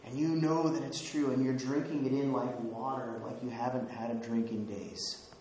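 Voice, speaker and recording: A male pastor preaching in an easy, conversational way, often chuckling and putting questions to his listeners. His voice is caught in a hugely echoey church hall, with a faint hiss underneath. He sits at a middling pitch. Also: steady tone, normal speed, a little mellow. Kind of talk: sermon.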